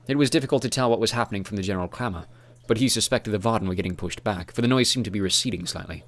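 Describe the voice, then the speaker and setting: A man narrating a fantasy audiobook in a steady, measured way. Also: lowish voice.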